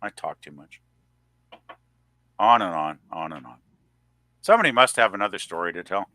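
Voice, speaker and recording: A chatty man spinning a rambling story on a casual livestream. His voice is bright and forceful. The sound is dry and close to the mic. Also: sits low, expressive, moderate pace, dry recording.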